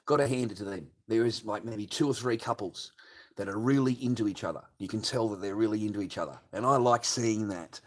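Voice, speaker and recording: A man's voice: lowish voice, a little fast. Swearing older man ranting on stream. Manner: crude, swearing constantly. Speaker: livestream host. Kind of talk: late-night livestream rant.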